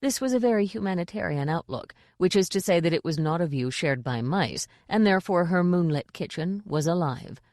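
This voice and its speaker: Low, dry-toned female audiobook narrator. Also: lively intonation, fairly quick, hardly any pauses, a little mellow, dry recording. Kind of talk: scripted narration.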